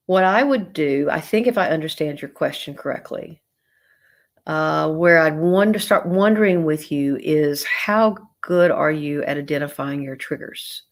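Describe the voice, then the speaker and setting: A middle-aged woman with a Southern American accent talks as a psychologist answering viewer questions. Her voice sits low. She retells a client's story and explains ideas in a conversational way. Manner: warm conversational advice with retold dialogue. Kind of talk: live-stream Q&A.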